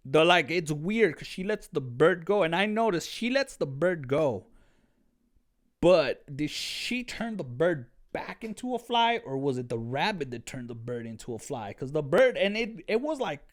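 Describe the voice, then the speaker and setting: A man giving a casual, excitable review of a TV episode, rambling and slangy, often saying "dude". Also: fairly high pitch. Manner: excitable, with many restarts.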